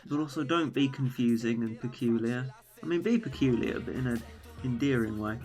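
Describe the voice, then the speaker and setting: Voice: mid-range voice, normal speed, a little mellow, faint music behind. A streamer chatting casually and rambling while playing a game and reading chat aloud.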